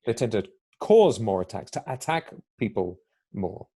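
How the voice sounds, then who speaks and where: A man's voice: on the low side, big pitch swings, normal speed, warm tone, husky. A man speaking as a guest on a podcast, explaining his ideas at length in a reflective, conversational way and sometimes acting out quoted remarks.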